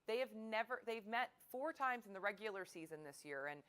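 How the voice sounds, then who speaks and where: A woman's voice: medium pitch, lively intonation, fairly quick, a bit bright. A woman sports reporter chatting casually on a live local news broadcast, enthusiastic and playful.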